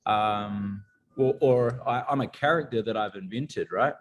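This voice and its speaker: A man's voice: lowish voice, unhurried. Hesitant New man musician. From New Zealand. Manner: hesitant, many restarts. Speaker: band member guest. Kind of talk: casual interview chat.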